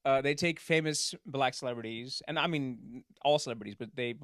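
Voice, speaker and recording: A man's voice: medium pitch, brisk, no room sound, studio quality. A man who is a comedian, chatting casually and jokingly on a podcast. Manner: relaxed, joking, does president impressions. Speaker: stand-up comedian guest.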